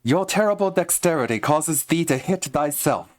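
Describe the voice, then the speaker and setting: A man's voice: a little high, expressive, voice pushed up, close to an everyday voice. A man doing a mock-archaic fantasy narrator. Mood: theatrical. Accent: slight put-on fantasy accent. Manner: slow, theatrical, old-fashioned diction.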